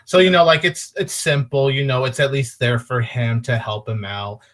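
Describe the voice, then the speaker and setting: A man guesting on a podcast, chatting about a movie in a loose, casual way. He speaks at a middle pitch and fills his sentences with small fillers while agreeing along. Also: steady tone, moderate pace, fairly bright tone.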